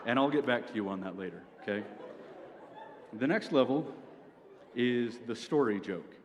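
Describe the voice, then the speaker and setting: At a student event, a young man with a mid-range voice gives a comic presentation at a moderate pace, animated yet dry, ending his points with "okay?". The hall is reverberant, with a faint crowd and slight background noise.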